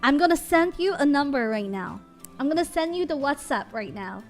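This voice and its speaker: A woman voicing a stern male fake police officer who gives slow, official warnings. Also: sits high, lively intonation, soft background music.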